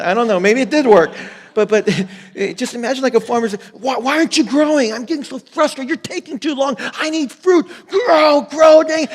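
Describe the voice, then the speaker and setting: A man preaching a sermon in a conversational way, with animated asides and playful impressions. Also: fairly high pitch. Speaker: pastor. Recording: long hall reverb.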